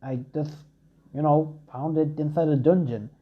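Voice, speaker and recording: A man's voice: fairly high pitch, fairly even intonation, moderate pace, close to an everyday voice. Shy polite young adventurer guy voiced by a man, hesitant, lo-fi. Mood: timid.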